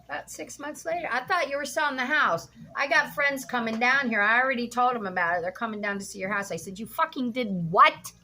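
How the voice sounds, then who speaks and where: A woman's voice: on the high side, quick pace, few pauses, pushed and bright. Middle-aged woman, home-kitchen vlogger, blunt and indignant, faint background noise. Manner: blunt, indignant, swears freely. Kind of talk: casual storytelling vlog while cooking.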